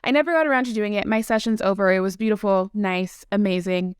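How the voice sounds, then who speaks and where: A woman's voice: mid-range voice, fast talker, clear, resonant tone, dry recording, clean studio sound. A woman guest telling a story in a casual conversation, chatty and full of "like" and quoted dialogue. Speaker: podcast guest.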